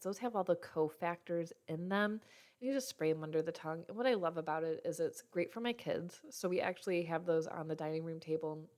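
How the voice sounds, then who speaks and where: A woman's voice: low-pitched, a little mellow. A woman in her thirties who works as a health practitioner, explaining nutrition and brain health in a casual teaching talk, with small slips and self-corrections.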